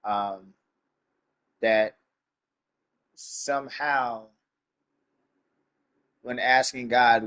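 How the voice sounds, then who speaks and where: A man's voice: medium pitch, fairly even intonation, takes it slowly, pauses often. A sim racing streamer, a man, talking to his live chat in a heartfelt, earnest way, near tears and with a stuffy nose.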